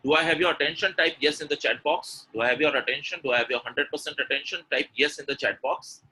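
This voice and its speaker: A man's voice: fairly high pitch, quick pace, bright, forceful tone, husky, low-quality recording. A man coaching English pronunciation in a live online webinar. He demonstrates by repeating words in different ways and answers viewers from the chat. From India.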